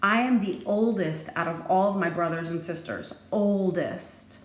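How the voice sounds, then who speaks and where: A woman teacher giving a recorded phonics lesson, slow and deliberate, playful, with sudden lively jumps in her voice. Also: lowish voice. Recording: echoey room with faint background noise.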